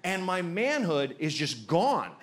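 A man doing a stand-up comedy set before a live audience, telling a story in an animated way and acting out the people in it. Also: fairly high pitch, slow.

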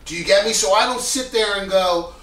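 A male acting teacher talks loudly and with animation, swearing freely and checking in with rhetorical questions. His voice is high and bright. The sound is roomy and picked up from a distance. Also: brisk. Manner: loud, animated, profane, full of rhetorical questions. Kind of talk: casual coaching talk. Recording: echoey room, distant mic.

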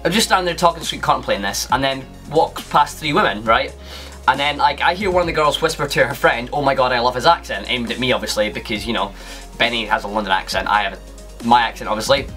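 A man's voice: medium pitch, quick pace, sharp tone, faint music behind. A young Scottish man telling a casual, rambling story to camera as a YouTuber, with lots of fillers and restarts.

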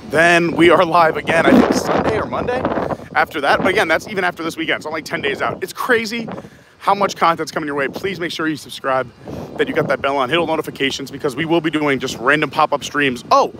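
A man's voice: on the high side, fast, heavy background noise. A man hosting a live stream while walking outdoors, chatting casually, reading viewer comments and laughing often. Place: outdoors in a theme park, walking.

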